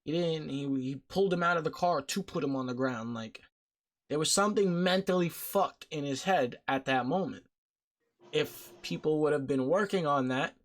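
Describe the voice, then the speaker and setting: A man hosting a podcast discussion, talking bluntly and heatedly, with frequent swearing. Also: a little high. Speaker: podcast host. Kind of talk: casual discussion.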